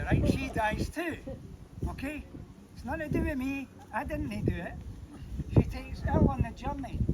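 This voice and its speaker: A man with a Scottish accent telling a story to a live group outdoors, teasing his listeners with rhetorical questions. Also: extremely high pitch. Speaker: storyteller guide. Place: outdoors near a monument. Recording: distant mic with loud wind and traffic noise.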